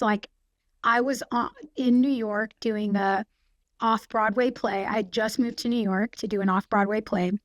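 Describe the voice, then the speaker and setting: A woman in her forties, a podcast guest, telling stories in a quick, chatty way full of "like". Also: a little high, dry recording, dull audio. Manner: chatty, fast storytelling with frequent "like". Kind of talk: casual anecdote telling.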